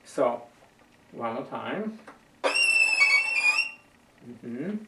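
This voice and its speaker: A man's voice: mid-range voice, sing-song, extremely slow, gravelly, a little mellow. A man teaching a violin lesson, patiently coaching and often repeating words as he searches for the right phrasing. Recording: roomy sound from a distant mic.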